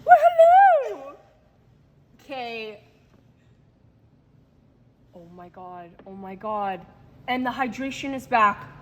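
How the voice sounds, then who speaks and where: A woman's voice: mid-range voice, takes it slowly, long pauses, pushed and bright, a little hiss or hum. A woman talking to camera in a casual vlog, emotional and rambling, often breaking into laughter. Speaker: vlogger and product maker.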